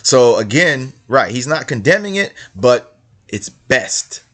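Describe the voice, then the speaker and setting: A man's voice: medium pitch, very animated, slow pace, a bit bright. A man hosting religious commentary, reading passages aloud and repeating his points with rhetorical questions in a casual way. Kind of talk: casual screen-share commentary.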